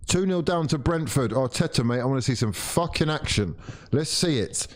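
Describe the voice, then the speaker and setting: Sweary man ranting at football. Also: fairly quick. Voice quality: lively swings of pitch and loudness. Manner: exasperated, sweary, ranting at his team. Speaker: football watchalong streamer. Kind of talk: live football watchalong rant.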